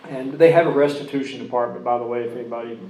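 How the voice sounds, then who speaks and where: A man's voice: medium pitch, fairly even intonation, very fast, echoey room, crowd noise, rough recording. A man telling his personal recovery story in a rambling way, full of restarts and asides. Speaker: recovery speaker.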